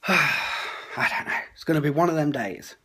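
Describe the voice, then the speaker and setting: A man's voice: on the high side, animated, measured pace, pushed and bright, slightly rough. A man, chatting casually into his phone about his day at home, grumbling with indignant asides. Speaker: vlogger. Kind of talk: casual vlog chat. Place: family home. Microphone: phone held at arm's length.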